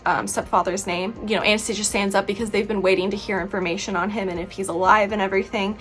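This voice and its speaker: A woman's voice: medium pitch, steady tone, fast, fairly bright tone, soft background music. A woman chatting through a book review vlog, exasperated and rambling, with many "like"s. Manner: exasperated, chatty, heavy use of "like".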